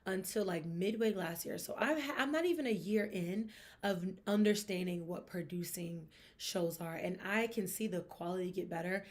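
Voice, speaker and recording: A young woman hosting a sports podcast, talking in a chatty, expressive way with emphatic asides. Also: lowish voice, normal speed. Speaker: podcast host. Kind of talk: casual sports gossip chat.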